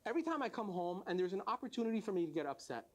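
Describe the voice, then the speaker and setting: A man voicing a middle-aged husband who once abused his wife with words and now begs to change, speaking earnestly and fast. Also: sits high, very animated. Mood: remorseful.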